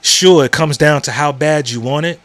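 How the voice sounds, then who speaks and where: A man's voice: fairly high pitch, moderate pace, a bit bright, no echo. A man hosting a podcast, talking casually and frankly, with frequent repetitions and checks like "you know what I'm saying?". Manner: frank and profane. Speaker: podcast host. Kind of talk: casual monologue.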